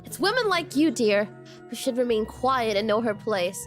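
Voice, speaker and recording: A woman's voice: on the high side, big pitch swings, normal speed, soft background music. A woman voicing a harsh, domineering old male master who speaks with contempt, reading his lines from a game. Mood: scornful. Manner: contemptuous, commanding.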